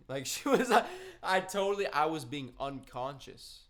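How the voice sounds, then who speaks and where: A man's voice: a little high, expressive, takes it slowly, fairly bright tone. A young man chatting casually while gaming, telling a long rambling story with slang and swearing. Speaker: gaming streamer.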